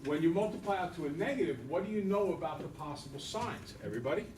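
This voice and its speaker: A man teaching a math lesson to a class, quizzing students with quick questions in an upbeat way. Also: a little high, expressive. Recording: echoey classroom, distant mic, background noise.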